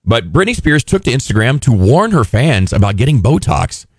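A man's voice: mid-range voice, very animated, normal speed, a little mellow, slightly rough, no echo, clean studio sound. A man hosting a talk show, running through odd news stories with wry, joking chat. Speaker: radio show host.

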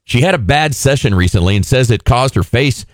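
A man's voice: medium pitch, lively intonation, a little fast, dry recording, studio quality. A man hosting a talk show, running through odd news stories with wry, joking chat. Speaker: radio show host.

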